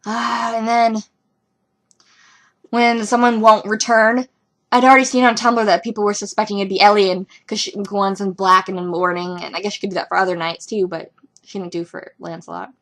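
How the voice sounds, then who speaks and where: A young woman talking casually as a fan reviewing a TV episode, rambling and excitable with lots of ums and likes. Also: medium pitch, moderate pace. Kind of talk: casual fan reaction commentary.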